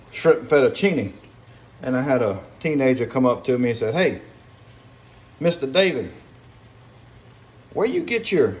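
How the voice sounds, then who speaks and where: A man's voice: mid-range voice, darkish tone, slight background noise, poor audio. Folksy man cooking. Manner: rambling, folksy, calls viewers y'all and son. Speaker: home cook. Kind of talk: casual cooking vlog chat. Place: kitchen, cooking at the stove.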